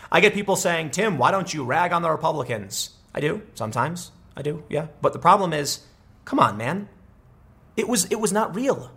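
Man, political commentator, sarcastic, animated, lively swooping pitch, slightly high voice. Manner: animated, sarcastic, talks fast with restarts.

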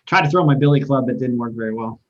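A man playing a tabletop role-playing game, relaxed and joking in casual chat. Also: mid-range voice, fast, highs cut off, a little hiss or hum. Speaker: player.

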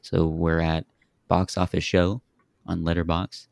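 A man with a very low, gravelly voice hosts a film-review podcast. He talks in a measured, methodical way. The sound is close and dry, with no room around him. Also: little pitch movement, a little mellow, no echo. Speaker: podcast host. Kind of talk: casual film review chat.

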